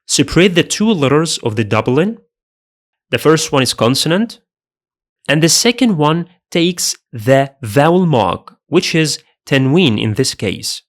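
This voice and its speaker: A man teaching Arabic pronunciation in a scripted lesson, speaking deliberately and saying each sound twice. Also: fairly high pitch, big pitch swings. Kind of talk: slow scripted lesson narration.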